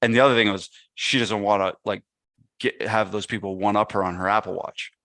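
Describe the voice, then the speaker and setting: A man's voice: on the low side, fairly quick, no echo, studio quality. A man guesting on a podcast, telling a casual story and acting out what people said. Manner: animated anecdote teller, acts out quotes. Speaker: podcast guest, gym business owner.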